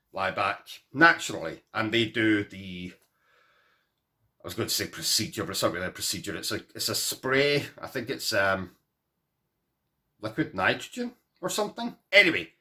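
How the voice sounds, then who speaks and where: Talking to camera like a casual vlogger addressing his viewers, a man spins a comic personal story in a bright, forward tone. His pitch swings up and down as he rambles through asides, animated and poking fun at himself.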